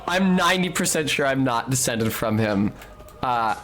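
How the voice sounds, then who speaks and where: A man's voice: medium pitch, expressive, moderate pace, fairly bright tone, soft background music. A man streaming a video game, chatting casually with viewers in a rambling, joking, profane way. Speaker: game streamer talking to chat. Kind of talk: casual live-stream chatter while playing.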